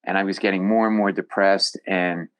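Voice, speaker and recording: A man, a comedian guest on a podcast, telling stories in an animated, jokey way. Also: deep voice, moderate pace, low-quality recording. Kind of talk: storytelling in a podcast interview.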